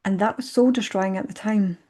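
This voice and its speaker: A woman in conversation, telling her own story reflectively and acting out her past thoughts in lively bursts. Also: medium pitch, brisk, breathy edge. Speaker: podcast guest.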